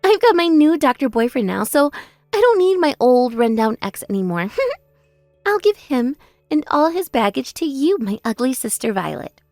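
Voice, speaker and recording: A woman plays a spoiled, gloating younger sister in a text-message story drama. Her voice sits high and leaps about as she taunts and boasts. The sound is dry with faint music underneath. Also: very animated, moderate pace, a little mellow, no echo. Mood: taunting.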